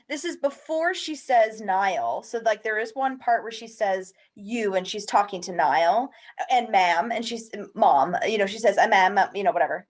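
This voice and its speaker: A woman at a video-call book club asks her questions hesitantly, stopping and restarting as she looks for the right words. Her voice sits a little high for a woman. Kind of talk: casual video call discussion.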